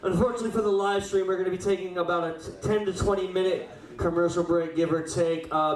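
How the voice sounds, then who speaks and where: A man hosting an open mic night, upbeat and rallying the crowd between acts. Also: a little high. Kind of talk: emcee crowd hype. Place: small live venue. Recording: echoey room, distant mic, faint noise.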